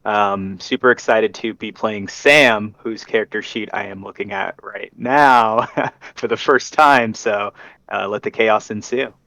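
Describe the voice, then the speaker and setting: A man's voice: on the low side, fairly even intonation, measured pace, vocal fry, bright, forceful tone, dry recording. A man playing in a tabletop game stream, introducing himself in an upbeat, easygoing way. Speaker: player. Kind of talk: casual chat.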